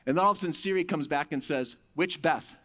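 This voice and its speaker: A middle-aged man speaking at a faith conference, telling stories with big swings from loud to hushed. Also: fairly high pitch, racing, very noisy. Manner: animated storytelling with big swings in loudness. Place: conference hall.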